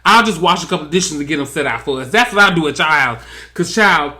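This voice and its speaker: A man's voice: a little high, expressive, fast, pushed and bright. A man giving sassy, drawling comedic recap commentary on a reality TV episode. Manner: sassy, drawling, mimics cast members in quotes.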